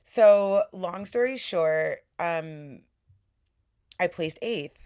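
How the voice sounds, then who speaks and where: Slow-talking, profane, emphatic woman host. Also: lowish voice, expressive, no echo, clean studio sound. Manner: emphatic, swears freely, hypes herself up. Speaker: podcast host. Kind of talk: casual storytelling monologue.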